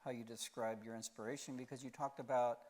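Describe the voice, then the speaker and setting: A man's voice: mid-range voice, fairly even intonation, fast talker, a little mellow. Man, academic moderator, thoughtful, long questions, post-screening talk.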